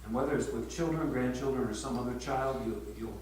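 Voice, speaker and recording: A man's voice: mid-range voice, brisk, slight background noise. Older man preaching from far off in an echoey room. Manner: tender storytelling, often dropping to a hushed near-whisper. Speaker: pastor leading a prayer retreat. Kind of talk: sermon. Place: retreat meeting room.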